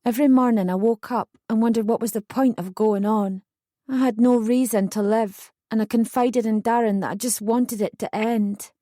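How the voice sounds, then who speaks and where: A woman reading a first-person true story as an audiobook narrator, in steady, earnest scripted narration. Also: on the high side, moderate pace, dry recording, clean studio sound.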